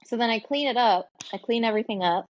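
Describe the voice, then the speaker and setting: A woman co-hosting a podcast, telling a long casual story full of "like" and "um" and quick laughs. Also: fairly high pitch, highs cut off. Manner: chatty storytelling with frequent fillers and laughs. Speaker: podcast co-host. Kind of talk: casual chat.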